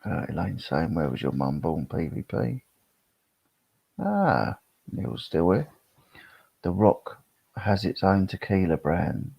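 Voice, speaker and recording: Deep gravelly man chatting on a live stream. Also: very animated, takes it slowly, long pauses, dry recording. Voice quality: gravelly, husky. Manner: rambling, reads chat comments aloud. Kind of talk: casual live-stream chat. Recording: dull, lo-fi sound.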